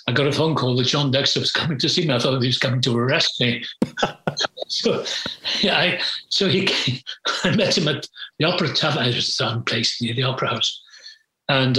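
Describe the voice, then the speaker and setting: Older guy rambling through old stories, frank and full of ums, bright tense voice, echoey room. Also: mid-range voice. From Britain. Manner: rambling, frank, hesitant with many fillers. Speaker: guest. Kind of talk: reminiscing interview. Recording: roomy echo.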